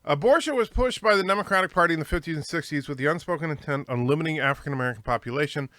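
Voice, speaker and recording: A man hosts a livestream, reading chat and giving chatty, opinionated casual commentary with fillers and restarts. His voice is on the high side and a bit bright, he talks very fast, and there is no echo.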